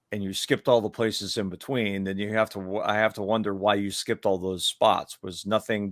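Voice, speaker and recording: A man's voice: fairly low pitch, a bit bright, no room sound, clean studio sound. A man co-hosting a podcast on writing, thinking aloud in casual chat. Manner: thinks aloud, restarts sentences. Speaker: podcast co-host.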